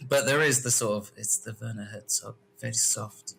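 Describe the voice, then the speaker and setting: A man's voice: fairly low pitch, steady tone, moderate pace, vocal fry, fairly bright tone, slight background noise. A man co-hosting a comedy podcast, chatting casually with dry one-line quips and frequent laughter. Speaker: podcast co-host.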